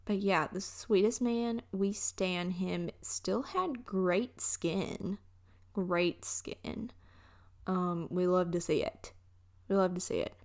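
Speaking slowly in a steady, lowish, darkish voice, this young Southern-accented woman from Alabama runs a laid-back solo podcast. Her story wanders, full of chatty tangents, with frequent trail-offs and restarts.

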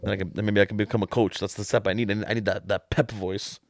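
A young man co-hosting a casual soccer podcast, talking in animated bursts with lots of restarts. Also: on the low side, quick pace, no room sound, studio quality. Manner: animated, restarts often, says "man" a lot. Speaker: podcast co-host. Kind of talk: casual sports chat.

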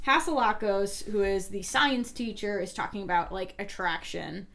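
A woman with a New Jersey accent co-hosting a casual podcast, animated, swearing freely and laughing often. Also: mid-range voice, moderate pace, creaky. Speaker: podcast co-host; teacher. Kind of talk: casual rewatch podcast chat.

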